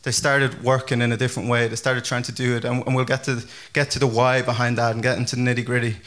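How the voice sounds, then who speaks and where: Bright-voiced man preaching casually. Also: medium pitch, quick pace. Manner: chatty, animated, many fillers and restarts. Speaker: pastor. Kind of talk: casual conversational sermon.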